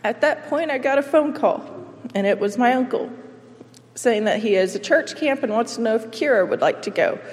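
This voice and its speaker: A woman giving a personal faith testimony, earnest and emotional, speaking in halting phrases with pauses. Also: fairly high pitch, lively intonation. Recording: long reverb, as in a large hall.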